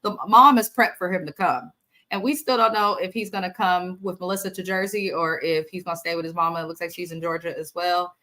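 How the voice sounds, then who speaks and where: Woman host, lowish voice, chatty live reality-TV recap, blunt and profane. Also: fairly even intonation, brisk, sharp tone. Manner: chatty, talks straight to viewers. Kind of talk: casual live episode recap.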